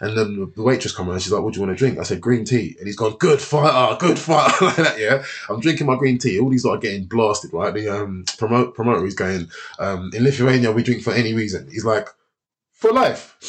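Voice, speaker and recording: A man's voice: on the low side, quick pace. A man telling fight stories in a casual chat, swearing freely and acting out the voices of the people in them. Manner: animated, swears a lot, acts out voices.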